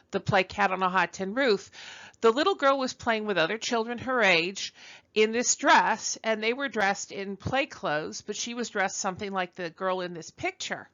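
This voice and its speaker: A woman's voice: mid-range voice, fairly bright tone, muffled recording. A woman from Brooklyn giving a conversational recorded university lecture, chatty and self-deprecating, with frequent ums and uhs. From Brooklyn, New York.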